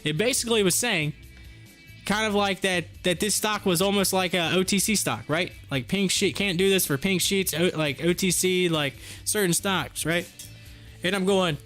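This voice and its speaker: A man's voice: high voice, moderate pace, a bit bright, faint music behind. A man hosting a day-trading live stream, telling rambling stories in casual chat full of fillers and laughs. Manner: rambling, chatty storytelling with frequent fillers and laughs.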